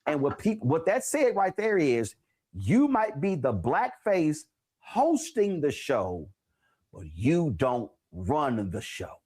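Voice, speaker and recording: A man from the United States hosting a talk show interview, animated and acting out past conversations as he tells them. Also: a little high, slow. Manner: animated storyteller, acts out remembered exchanges.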